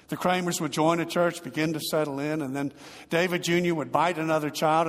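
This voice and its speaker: Pastor guy telling a story in his sermon, kinda high voice, long church echo. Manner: earnest, slowing and softening toward the close.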